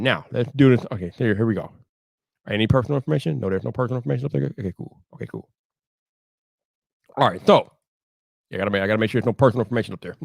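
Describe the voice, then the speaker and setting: Man, live stream host, casual chat, animated, repetitive, lively pitch, dry close sound. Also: rapid-fire, creaky, no echo. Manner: animated, repeats himself, rants loudly when annoyed.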